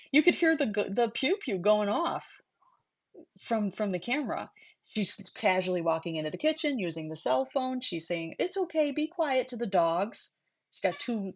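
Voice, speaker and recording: A woman's voice: mid-range voice, dull audio. A woman hosting a casual true-crime livestream, chatty and digressive, talking straight to her viewers. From New York. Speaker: livestream host.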